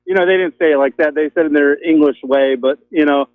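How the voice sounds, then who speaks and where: A man's voice: a little high, fast talker, dry recording. A man calling in to a talk show, rambling with lots of ums and you-knows. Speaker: caller. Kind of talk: casual call-in chat. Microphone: telephone. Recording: tinny phone line.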